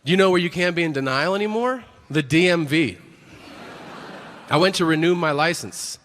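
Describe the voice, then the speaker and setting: A man's voice: fairly high pitch, animated, normal speed, a bit bright, in a large hall. A middle-aged man performing a stand-up set, brash and profane, telling stories animatedly. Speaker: stand-up comedian.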